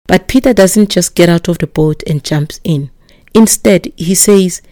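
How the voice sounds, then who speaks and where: A woman preaches a sermon with emphatic repetition and now and then sinks into a breathy whisper. Her voice sits low and mellow. The sound is close and dry, with no room echo. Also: moderate pace.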